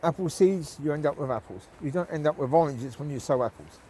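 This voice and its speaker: Man, high animated voice, casual rambling faith talk on a countryside walk. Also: a little fast, a little hiss or hum, low-quality recording. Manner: rambling, conversational, asks listeners tag questions. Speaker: lay Christian vlogger. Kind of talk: casual spoken devotional while walking. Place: outdoors in the countryside, walking dogs.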